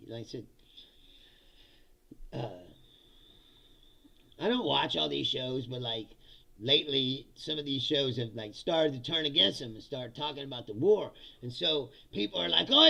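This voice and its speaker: A man's voice: fairly high pitch, vocal fry, pushed and bright. A man hosting a political comedy show, ranting sarcastically and with lots of swearing in casual livestream commentary while reading out chat comments.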